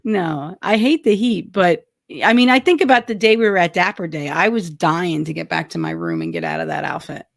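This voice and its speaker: A woman's voice: lowish voice, big pitch swings, brisk, gravelly, few pauses, no echo, studio quality. A middle-aged woman co-hosting a podcast, chatting casually, correcting herself as she goes and laughing often. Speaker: podcast co-host. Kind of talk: casual chat.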